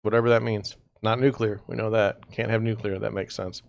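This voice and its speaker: A man with a low, gravelly voice hosts a casual real estate livestream. He rambles from gripe to gripe in an exasperated, sarcastic tone and sounds tired. The recording is dry and close, with no room echo. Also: flat delivery, normal speed. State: tired, yawning.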